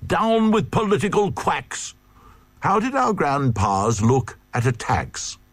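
A man voicing the indignant crowd of Glugs with outraged cries, pitched well above his narration. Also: expressive, slow pace, no echo. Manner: outraged shouting.

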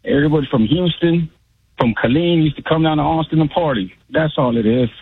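A man's voice: fairly high pitch, a little fast, breathy edge, no echo. A man calling into a radio show, a former club DJ, telling rambling streetwise stories in casual chat over a phone line. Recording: tinny phone line, dry.

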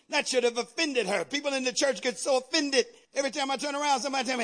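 A man with a very high voice preaches a fiery sermon. He calls out to the congregation and builds to shouted exhortations. It is heard through a radio broadcast of a church service. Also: fast. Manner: call-and-response preaching, rising to shouts. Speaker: pastor.

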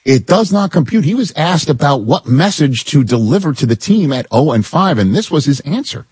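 A man hosting a sports talk show, giving opinions in an animated, incredulous way as he riffs with his co-hosts. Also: a little high, brisk, slightly rough, no room sound, clean studio sound.

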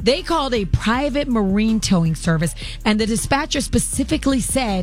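A woman co-hosting a morning radio show, reading the news in a brisk, conversational way. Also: medium pitch, expressive, faint music behind. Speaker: news co-host.

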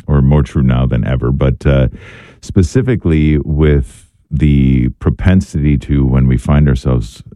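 A man hosting a faith radio call-in show, asking long, measured questions with fillers. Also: very deep voice, dark tone, no echo. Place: radio studio.

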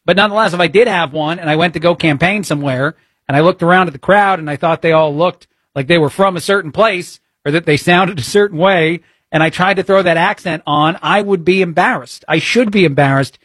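Blunt talk-show host with many fillers. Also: male voice, on the high side, brisk, a bit bright, dry recording, clean studio sound. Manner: frequent "uh" fillers, exasperated and blunt. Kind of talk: opinionated talk radio commentary.

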